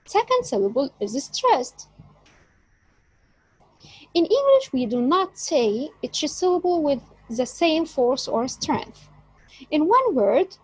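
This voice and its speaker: Slow, high-pitched woman teaching English. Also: darkish tone, no echo, poor audio. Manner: slow, emphatic teaching delivery. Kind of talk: online lecture.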